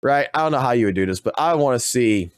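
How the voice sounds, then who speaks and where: A man streaming games, talking in an excited, rambling way with constant swearing. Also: medium pitch, fast talker, clear, resonant tone. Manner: profane, animated, rambling. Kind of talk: excited gaming stream talk.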